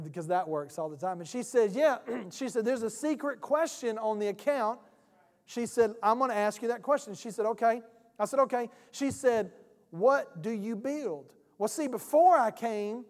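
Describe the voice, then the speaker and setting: A man preaching a sermon, a pastor telling a folksy story and acting out both sides of a phone call. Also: high-pitched. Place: church sanctuary. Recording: church hall reverb.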